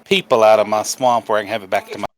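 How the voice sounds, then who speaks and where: A man introducing his character at a tabletop game, halting and full of fillers. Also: fairly low pitch, steady tone, slight background noise. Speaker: player.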